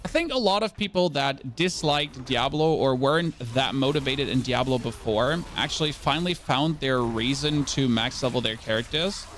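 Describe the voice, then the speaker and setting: A man from Germany games on a live stream, addressing his chat casually in sarcastic, rambling remarks and a German accent. He sounds expressive and fairly bright at a medium pitch, keeping a moderate pace with hardly any pauses. A little hiss or hum runs underneath.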